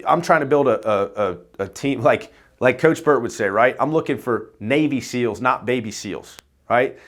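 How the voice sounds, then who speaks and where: A man's voice: mid-range voice, moderate pace. A man who runs an insurance agency, talking casually to camera and coaching agents in a loose, rambling way, often tagging "right?" on his points. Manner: casual, swears offhand. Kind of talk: casual vlog talk.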